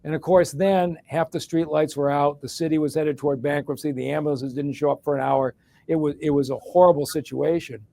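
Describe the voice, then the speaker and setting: A middle-aged Detroit man, a former hospital executive and mayor appearing as a guest, answers an interview question with a long, plain-spoken story. His fairly high voice stays fairly even in intonation, moves a little fast, and is mellow with vocal fry. There's no echo.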